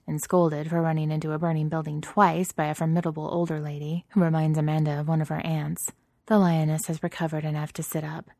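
A woman narrating a story in a steady, even reading voice. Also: sits low, no echo, studio quality.

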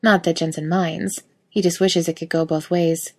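Woman reading fanfic out loud, kinda low voice, wry and lively. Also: moderate pace. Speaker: reader. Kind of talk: reading fan fiction aloud.

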